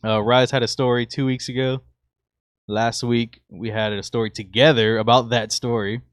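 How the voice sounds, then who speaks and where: A young man co-hosting a podcast in easygoing, casual chat. He tells stories loosely and laughs often. His voice sits at an ordinary pitch, recorded close and dry with no room sound. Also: moderate pace, clear, resonant tone, no echo. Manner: relaxed storytelling, laughs easily. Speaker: podcast co-host.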